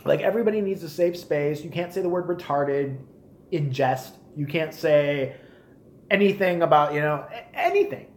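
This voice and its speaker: A man in his forties ranting on a live stream, profane and animated. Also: fairly high pitch, moderate pace, reverberant, a little hiss or hum. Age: 40s. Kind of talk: casual rant.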